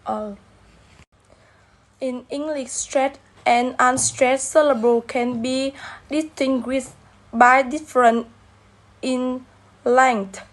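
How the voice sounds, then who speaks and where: Brief: young female student presenter, slightly high voice, slow, hesitant read-through. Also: steady tone, poor audio. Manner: slow, halting reading with restarts. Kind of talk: reading a class presentation.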